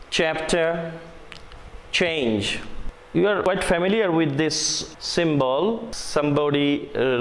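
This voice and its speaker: A man with a Bangladeshi English accent, a native Bengali speaker, teaching a phonetics lesson slowly and deliberately, spelling out sounds one by one. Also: fairly high pitch. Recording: echoey room with long reverb and faint noise.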